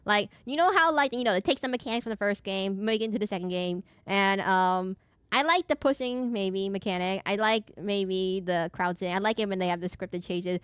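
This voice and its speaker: A young woman streaming a horror game, chatting fast and rambling with a slight lisp, often correcting herself mid-sentence. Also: medium pitch, fairly bright tone, clean tone, no room sound. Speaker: VTuber streamer. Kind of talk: casual live-stream chat while gaming.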